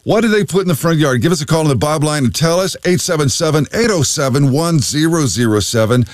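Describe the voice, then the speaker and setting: A man's voice: fairly high pitch, animated, fast, no echo. Chatty male radio DJ. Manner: chatty, rambling, fillers. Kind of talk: radio show banter. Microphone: studio mic.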